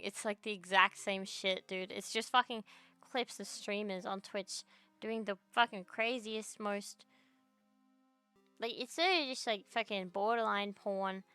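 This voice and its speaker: Young woman, VTuber streamer at her desk; rambling profane rants, smooth voice with some fry. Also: mid-range voice, sharp tone, no echo. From Australia. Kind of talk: casual livestream chat. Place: home computer desk.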